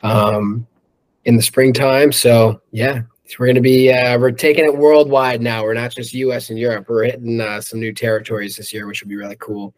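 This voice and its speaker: A man's voice: medium pitch, flat delivery, moderate pace. A man who sings in a rock band, chatting loosely in an interview, swearing freely and filling his talk with "um" and "like". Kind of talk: casual interview chat.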